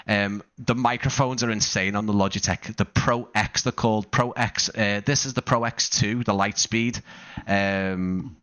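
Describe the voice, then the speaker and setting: A man with a lowish, fairly bright voice hosts a laid-back live stream from his home streaming room, speaking into a wireless gaming headset. He rambles, piling on fillers and restarts, and laughs a lot.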